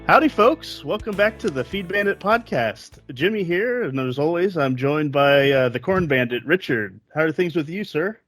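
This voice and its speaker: A man hosting a podcast, friendly and quick to laugh, with folksy greetings. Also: fairly high pitch, animated, a bit bright, dry recording, soft background music. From Texas. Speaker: podcast host. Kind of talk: casual chat and host reads.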